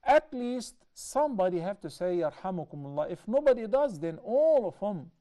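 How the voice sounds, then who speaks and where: Man teaching a hadith, dark voice. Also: high-pitched, big pitch swings. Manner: measured, explanatory, with repeated self-corrections. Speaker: Islamic teacher. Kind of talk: explaining a hadith to a class.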